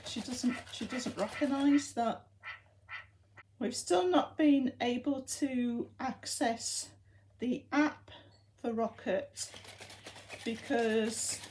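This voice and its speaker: A woman's voice: fairly high pitch, a little mellow, slight background noise. A woman giving a casual vlog update, chatty and fondly talking to her robot dogs in between. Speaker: vlogger.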